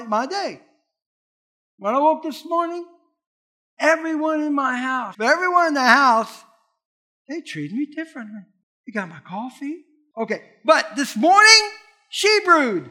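A high, bright-voiced middle-aged man preaches a sermon. He swings his pitch widely and drives his points home with punchy, emphatic repetition. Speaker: pastor.

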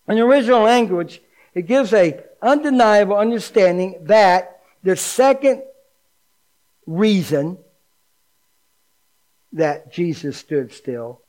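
A middle-aged man preaching as a pastor, animated and folksy, dropping to a hushed low voice for emphasis. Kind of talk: sermon.

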